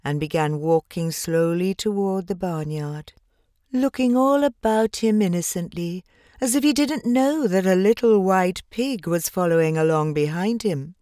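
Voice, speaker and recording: A woman reads a children's storybook aloud, slow and gentle, in a fairly low voice. The recording is dry and close, with no room around her. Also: dry recording. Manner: measured, gentle, expressive. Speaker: audiobook narrator. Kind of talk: scripted storybook narration.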